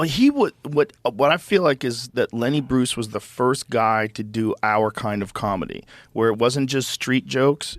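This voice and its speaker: A man's voice: mid-range voice, no echo. Man, podcast host, mid-range voice, dry studio mic, casual reflective chat. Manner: casual, swearing, reflective talker.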